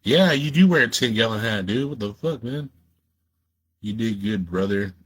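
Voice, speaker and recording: A man's voice: on the low side, expressive, moderate pace, slightly rough. Laid-back man hosting a livestream. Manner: laid-back, profane, talks straight to viewers. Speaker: livestream host. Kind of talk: casual livestream chat.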